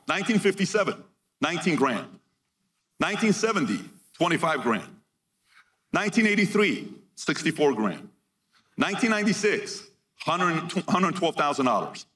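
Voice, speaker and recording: This is a man delivering a motivational keynote to a live crowd, energetic and punchy. He reads out figures in short bursts and fires questions at the audience, and his voice sits high.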